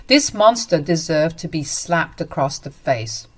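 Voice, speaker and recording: A woman's voice: low voice, animated, a little slow. Indignant woman narrating a family story. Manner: earnest, indignant. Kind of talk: first-person story narration.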